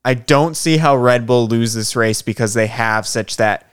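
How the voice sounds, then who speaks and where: A man's voice: mid-range voice, normal speed, clean tone, no room sound, clean studio sound. A man co-hosting a podcast, chatting casually, rambling a bit and laughing easily. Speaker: podcast co-host. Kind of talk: casual chat.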